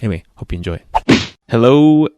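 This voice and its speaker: Deep gravelly man hosting. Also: fairly quick, no room sound, muffled recording. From United States. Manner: upbeat, chatty, frequent restarts. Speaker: podcast host. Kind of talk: casual interview chat.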